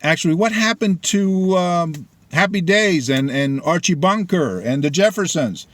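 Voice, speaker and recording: A man's voice: high-pitched, animated, no echo. A middle-aged man whose first language is Spanish, giving a blunt, opinionated monologue of political commentary with personal stories. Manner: deliberate, blunt, opinionated storytelling.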